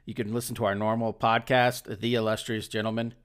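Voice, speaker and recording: A man's voice: lowish voice, little pitch movement, fairly quick, clean tone. A man co-hosting a podcast from home, chatting casually in a joking, laid-back way with loose restarts. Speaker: podcast co-host. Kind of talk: casual chat. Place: indoors at home.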